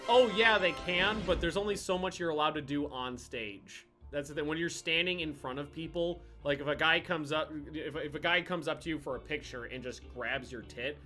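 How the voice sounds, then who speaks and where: A man hosting a gaming video, telling rambling, profane anecdotes in a casual, animated way. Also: on the high side, normal speed, hardly any pauses, faint music behind. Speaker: gaming channel host. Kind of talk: casual storytelling over gameplay.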